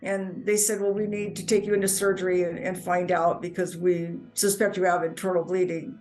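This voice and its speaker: A woman telling her personal life story in earnest, halting speech, often repeating words as she goes. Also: fairly low pitch, little pitch movement, a little mellow, soft background music, low-quality recording. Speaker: near-death experience storyteller. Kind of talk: personal testimony.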